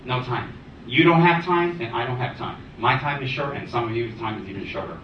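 A man giving a dharma talk as a Buddhist teacher, animated and teasing, rattling off long lists. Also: mid-range voice, a little fast, slight background noise. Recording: echoey room, distant dull mic.

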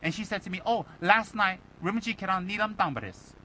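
High, bright-voiced lama teasing his students. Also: a little fast, a little hiss or hum, rough recording. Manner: animated and teasing, fires rhetorical questions and mimics critics. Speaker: Buddhist lama teaching students. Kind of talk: informal dharma talk to students.

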